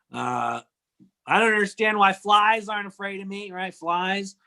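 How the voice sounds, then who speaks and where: A man's voice: sits high, takes it slowly, creaky, sharp tone. A man doing a stand-up set over a video call, wry and rambling with offhand observational jokes. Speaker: stand-up comedian.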